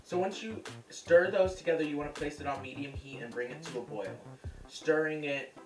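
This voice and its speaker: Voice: mid-range voice, fairly quick, far from the mic. Brief: brash, chatty home cooking host projecting to the camera mic from across an echoey kitchen, music under it. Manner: loud projected voice, profane, chatty. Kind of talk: casual cooking show chat. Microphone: camera's built-in mic.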